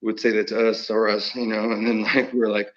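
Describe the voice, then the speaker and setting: A man's voice: fairly low pitch, level tone, fairly quick, dull audio. A man talking in a rambling monologue, chuckling often mid-sentence and trailing off into restarts.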